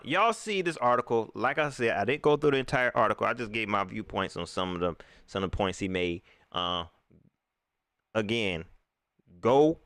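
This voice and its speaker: A man hosting a live reaction stream, ranting in an animated way and talking straight to his viewers. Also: mid-range voice, clear, resonant tone, dry recording.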